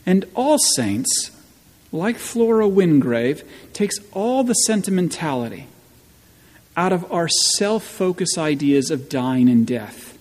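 A man preaching a sermon as pastor, slow and emphatic, with wry asides, in a church. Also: a little high, very animated, darkish tone. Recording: long church reverb.

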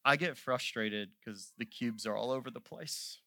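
A man preaching a sermon as pastor, moving from quiet, conversational storytelling to loud, impassioned peaks. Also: medium pitch, unhurried, no echo, clean studio sound.

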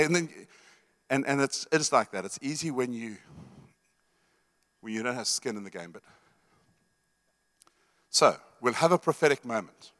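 A man's voice: a little high, fairly bright tone. A middle-aged man, a pastor, preaching to a church meeting in an emphatic, conversational way, often repeating words and asking the room questions. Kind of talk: sermon teaching.

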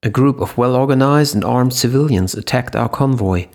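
A man giving steady scripted narration of an audiobook. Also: medium pitch, moderate pace, vocal fry. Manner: steady storytelling.

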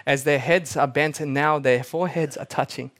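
Preacher dropping to hushed emphasis. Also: male voice, a little high, fairly even intonation, moderate pace. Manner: dramatic, drops to near-whispers for emphasis, repeats key words. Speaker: pastor. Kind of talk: sermon.

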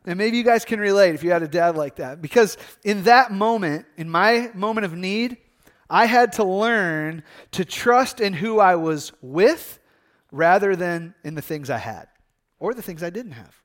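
A man's voice: high voice, animated, moderate pace. A middle-aged man from Michigan, a pastor preaching a sermon in a conversational, storytelling way with frequent fillers and restarts.

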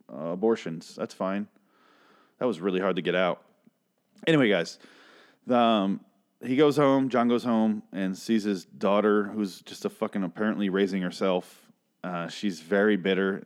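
Foul-mouthed, sarcastic man recapping a show. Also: on the low side. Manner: sarcastic, swears a lot, goes off on tangents. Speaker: TV episode recapper. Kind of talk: casual ranting recap.

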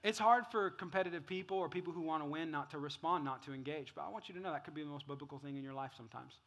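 A middle-aged man preaching a sermon as pastor. He is playful and laughs at his own jokes, and he swings between loud acted-out bits and quiet, earnest talk. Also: on the high side, rapid-fire.

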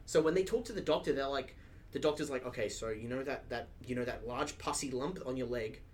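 A man's voice: mid-range voice, fairly quick, slight background noise. A man co-hosting a casual podcast chat, rambling and swearing freely, with lots of filler words. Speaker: podcast co-host.

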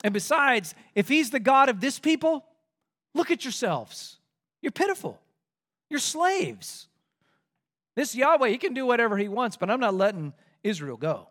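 A man's voice: high voice, big pitch swings, measured pace, long pauses, fairly bright tone, heavily acted. A man voicing a proud, scornful male king who mocks and dismisses the people pleading before him. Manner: dismissive, mocking.

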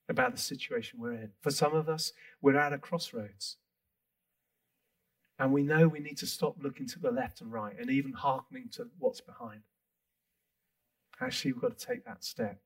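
A man's voice: mid-range voice, very animated, moderate pace, pauses often, far from the mic. A male pastor preaching in a conversational way to his congregation. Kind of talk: sermon.

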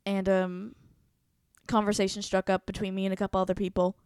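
A woman's voice: mid-range voice, level tone, fairly quick, a little mellow, clear, resonant tone, no echo, studio quality. A woman co-hosting a casual talk show, retelling a personal story candidly and animatedly, swearing freely. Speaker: podcast co-host.

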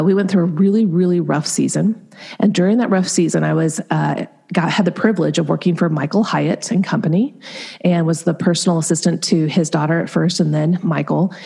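A middle-aged woman talks openly about her own growth as a coach, her delivery animated and peppered with fillers. Her voice sits a little low, mellow and dark in tone. A gravelly fry and a husky grain run through her speech. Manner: candid, animated, frequent fillers. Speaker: Enneagram coach and guest. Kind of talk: casual interview storytelling.

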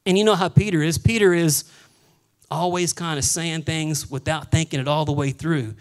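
A male pastor preaching a sermon, animated, acting out the voices of Bible figures and dropping to a hush for solemn moments. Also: on the high side, moderate pace, smooth, rough recording. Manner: drops to a hushed voice for solemn moments.

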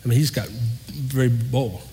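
A male pastor giving a sermon, telling a story in an animated way and acting out the dialogue. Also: mid-range voice, moderate pace. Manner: animated, acts out quoted dialogue. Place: church. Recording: long hall reverb, faint noise.

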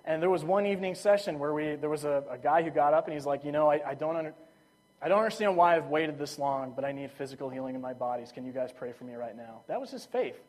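A man's voice: on the high side, quick pace. A young man preaching a sermon, telling stories in a casual, enthusiastic way with lots of fillers. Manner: casual, enthusiastic storytelling with frequent "like".

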